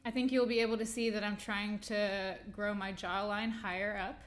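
A woman reading a viewer's submitted question aloud on a podcast, in a plain, slightly hurried way. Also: mid-range voice, flat delivery, a little hiss or hum.

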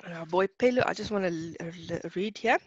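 A young woman with a South African accent teaching an online class, chatty and quick to laugh, mixing in Afrikaans words. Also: lowish voice, breathy edge, no room sound, lo-fi sound.

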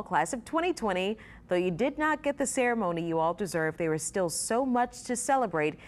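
A woman from a television station gives an earnest, encouraging video message. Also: lowish voice. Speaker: television reporter.

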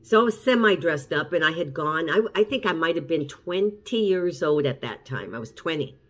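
A woman's voice: low-pitched, expressive, moderate pace, fairly bright tone. A middle-aged woman, a cooking channel host, casually telling a story to the camera in a chatty way, often repeating and restarting. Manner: chatty, repeats and restarts while recounting events.

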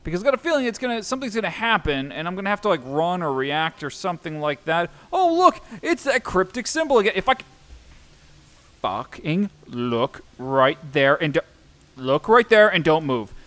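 A man's voice: fairly high pitch, lively intonation, moderate pace, a bit bright. A young man giving let's-play commentary on a horror game, jumpy and self-mocking, swearing often. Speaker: gameplay streamer.

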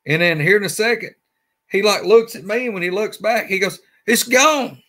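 This guest has a high, slightly bright voice and a Southern Alabama accent, talking fairly quickly. His casual storytelling rambles along, folksy, and he repeats himself.

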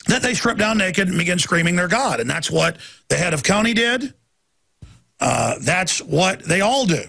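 A radio talk show host delivers a heated monologue, ranting emphatically and leaping from one story to the next. His voice is high-pitched and expressive, a little slow, gravelly, pushed and bright with a breathy edge.

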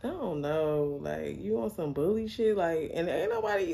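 Blunt woman with a gravelly, mellow voice. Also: deep voice, normal speed. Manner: animated, blunt, swears freely, laughs often. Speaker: storyteller vlogger. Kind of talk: casual storytime monologue.

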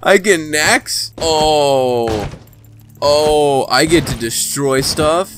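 A man giving casual let's play commentary, excitable and talking to the game character, sometimes breaking into shouts. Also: a little high, measured pace, slight background noise. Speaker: gaming channel host.

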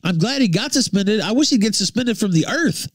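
Guy ranting on his stream, high voice, swooping pitch, cussing and shouting. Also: animated, a little fast, no echo, studio quality. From Memphis. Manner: profane, angry, swings from high shouting to low mutters. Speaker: livestream host. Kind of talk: ranting livestream commentary.

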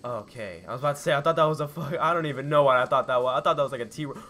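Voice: mid-range voice, very fast, hardly any pauses, fairly bright tone, a little hiss or hum. A let's play gamer giving live gameplay commentary, panicky and shrieking, swearing constantly.

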